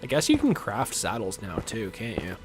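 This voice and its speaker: Deep-voiced man chatting while gaming. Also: wildly swooping pitch, moderate pace, music in the background. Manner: rambling, filler-heavy, chuckling. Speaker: livestream gamer. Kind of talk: casual gameplay chat.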